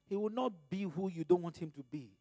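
A man from Nigeria preaching a fervent sermon in a high, mellow voice. He surges into loud, emphatic peaks, drops to hushed asides, and stretches out the scripture he quotes. The recording is close and dry, with no room sound. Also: a little fast, dry recording.

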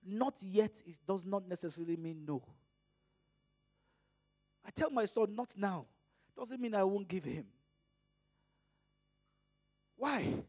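Man, preacher, from Nigeria, high-pitched, mellow tone, fervent sermon, loud-soft swings, dry close sound. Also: lively intonation, slow pace, long pauses, dry recording.

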